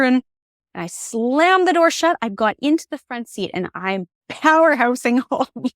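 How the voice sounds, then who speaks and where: Woman in her 40s telling a story on a podcast, expressive and candid, dry close sound. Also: fairly high pitch, dry recording. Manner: candid and reflective. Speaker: podcast guest. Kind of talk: personal storytelling in conversation.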